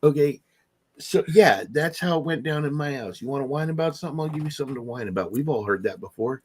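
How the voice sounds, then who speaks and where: A man's voice: fairly high pitch, fast, slightly rough. A middle-aged man co-hosting a podcast in casual chat, telling stories and acting out the people in them. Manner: storytelling, animated voices for quoted people. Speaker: podcast co-host.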